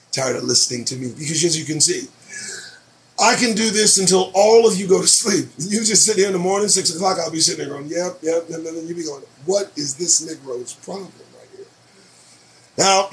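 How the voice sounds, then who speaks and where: A show host with a high-pitched, fairly bright voice reads news headlines aloud and reacts with profane, sarcastic commentary on his own program.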